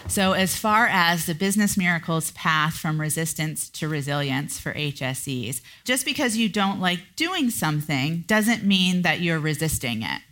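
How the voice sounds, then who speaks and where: A woman's voice: normal speed, few pauses. A middle-aged woman hosting a solo coaching podcast, explaining ideas and now and then acting out inner voices. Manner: animated, acts out inner voices in a high pitch. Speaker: podcast host and business coach.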